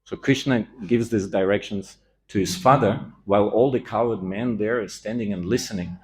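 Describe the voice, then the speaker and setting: A man's voice: lowish voice, normal speed, darkish tone. A man giving a scripture class in a temple, telling the story with animation and acting out the quoted lines.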